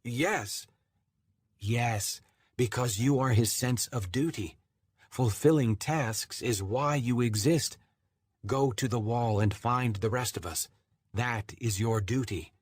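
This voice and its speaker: A man's voice: medium pitch, slow pace, breathy edge, dry recording, voice pushed up. Man voicing a commanding disembodied shard. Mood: insistent. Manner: insistent, urgent questioning. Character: disembodied male personality shard, urgent and commanding.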